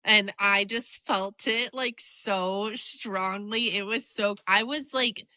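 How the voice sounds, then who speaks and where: Bright-voiced woman, dry close sound. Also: medium pitch, slow pace, no echo. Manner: expressive, laughs often, swears freely. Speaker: podcast co-host. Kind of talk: casual chat recapping a reality show.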